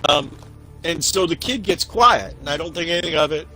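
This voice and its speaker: A man tells a casual, profane story and acts out every line with animated flair. His voice is a touch high and bright with an edge. Soft music plays faintly behind him. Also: fairly quick, rough recording. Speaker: podcast co-host.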